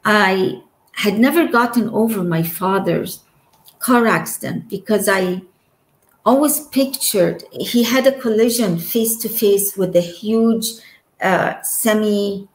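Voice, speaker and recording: Casting: woman guest, slow, heartfelt storytelling, roomy echo. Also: mid-range voice. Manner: emotional, trails off and laughs between phrases. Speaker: interview guest. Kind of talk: personal storytelling.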